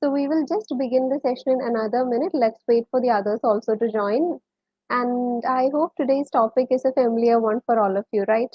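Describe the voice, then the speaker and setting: Speaking a little fast, a woman with a Malayali English accent teaches English over a livestream, greeting viewers by name and code-switching with Malayalam. There's no room sound, but the stream audio comes through muffled and low in fidelity.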